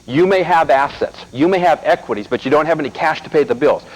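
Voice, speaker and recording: A man's voice: fairly high pitch, fast talker, low-quality recording. A middle-aged American man giving a motivational seminar talk, telling stories and speaking straight to the audience. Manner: animated storyteller addressing the audience directly.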